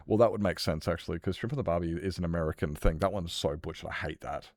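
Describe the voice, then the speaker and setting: A man's voice: deep voice, fast, few pauses, a little mellow, no room sound, studio quality. An Australian man streaming a game, chatting casually and rambling with lots of fillers while he responds to chat.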